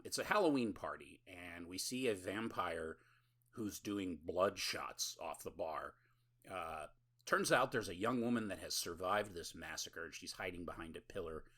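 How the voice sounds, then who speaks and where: A man's voice: sits low, lively intonation, normal speed, sharp tone. A male podcast host in casual chat, recapping a film in a rambling, laughing, profane way.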